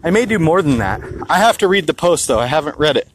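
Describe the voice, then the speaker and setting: A man's voice: on the high side, big pitch swings, fast, slight background noise, low-quality recording. A man talking casually into his phone for his vlog, rambling and swearing as he tells a story. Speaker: health vlogger. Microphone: handheld phone held low.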